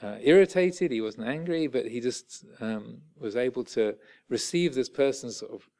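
Creaky-voiced monk giving a talk. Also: male voice, mid-range voice, darkish tone. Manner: halting, many fillers and restarts. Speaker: Buddhist monk teacher. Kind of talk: dharma talk.

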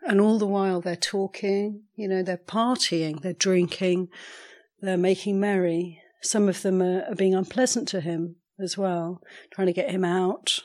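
A woman meditation teacher telling a story during a morning sitting, in a measured, unhurried way, clearing her throat now and then. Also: medium pitch, steady tone, a little mellow. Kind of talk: storytelling dharma talk.

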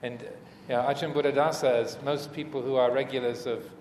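A Buddhist monk gives a dharma talk in an echoey hall with faint room noise. His medium-pitched voice is steady and fairly quick, though he speaks hesitantly, with lots of fillers, restarts and gentle humor.

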